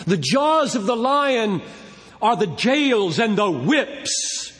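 A man preaching a sermon with emphasis, slowing down to stress key words. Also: high-pitched, animated, fairly bright tone. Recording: long hall reverb.

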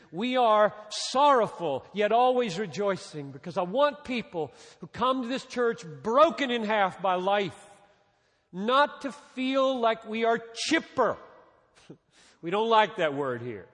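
Pastor guy preaching slow with big pauses, goes quiet then builds back up, echoey church hall. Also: sits high, expressive. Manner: preaching with dramatic pauses, dropping soft then rising. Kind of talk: sermon. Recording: reverberant hall.

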